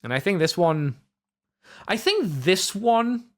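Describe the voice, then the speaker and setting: A man hosts a podcast in a loose, conversational toy-review chat, with a voice that sits a little above the usual male pitch. He rambles, stacks up ums and uhs, corrects himself mid-sentence and drops offhand jokes. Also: sing-song, slow, fairly bright tone. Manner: rambling, many fillers and self-corrections; jokey, offhand asides. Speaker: podcast host.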